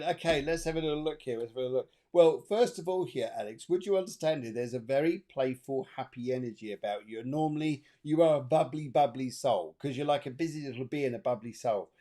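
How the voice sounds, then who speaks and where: A spiritual medium co-hosts a live-streamed psychic reading show, passing on messages in a chatty, upbeat way and singing bits of song in falsetto. His mellow voice runs a little fast, with hardly any pauses.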